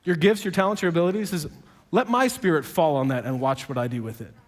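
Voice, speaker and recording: A high-voiced man preaching in a large hall, his words trailing off in long reverb. He tells dialogue in a conversational way, with a sarcastic edge, and climbs to loud, emphatic peaks. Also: fast. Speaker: pastor. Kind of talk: sermon.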